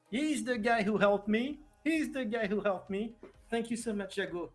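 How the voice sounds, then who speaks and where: Male streamer, French accent, slightly raised voice, chatty and unsure of himself, soft music in the background. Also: high-pitched, lively intonation, moderate pace. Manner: chatty, hesitant, self-deprecating, laughs often. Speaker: live streamer. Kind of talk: casual live stream chat.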